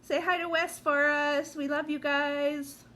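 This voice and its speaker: A woman's voice: sits high, flat delivery, a little slow, a bit bright. A woman hosting a casual livestream from her dining room, bubbly and greeting viewers by name. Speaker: livestream host. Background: rain and a barking puppy.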